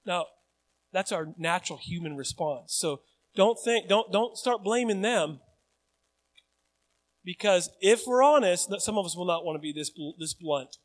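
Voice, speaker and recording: A male pastor preaching a sermon in a church, acting out desperate cries and then dropping to quiet reflection. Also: high-pitched, measured pace. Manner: animated, acts out pleading cries then drops to quiet reflection.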